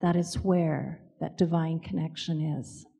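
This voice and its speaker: A woman telling personal stories in a gentle, reflective way, with pauses. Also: sits low, fairly even intonation, gravelly, slightly rough, in a large hall. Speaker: co-author and speaker. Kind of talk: storytelling talk.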